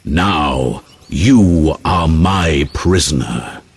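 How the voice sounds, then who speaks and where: A controlling old magician , as a man puts him on with a low, gravelly, raspy voice. He speaks slowly and sternly, his pitch moving widely. It is a storybook reading. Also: animated, exaggerated voice. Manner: slow, commanding.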